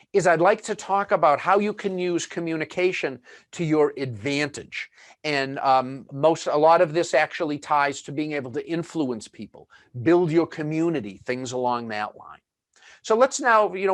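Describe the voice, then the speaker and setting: A man's voice: fairly high pitch, dry recording. A man presenting a webinar in a chatty, conversational way, full of fillers and asides.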